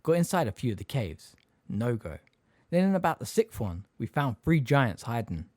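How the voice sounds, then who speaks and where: A man voicing a huge, gruff half-giant gamekeeper in an audiobook reading, blunt and homely in his speech. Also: medium pitch, sing-song, moderate pace, a little mellow, no echo, studio quality. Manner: blunt, plain-spoken, homely.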